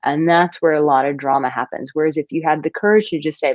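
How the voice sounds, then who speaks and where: A woman's voice: sits low, steady tone, fast, hardly any pauses, no echo, highs cut off. A woman dating coach on a live stream, reading viewer comments and answering them in a direct, breezy way, calling viewers darling.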